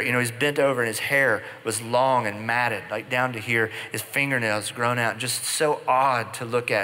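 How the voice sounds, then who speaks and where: A man's voice: medium pitch, bright, forceful tone. A man preaching a sermon to a congregation, telling stories in a conversational, playful way with casual asides. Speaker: pastor. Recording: long hall reverb.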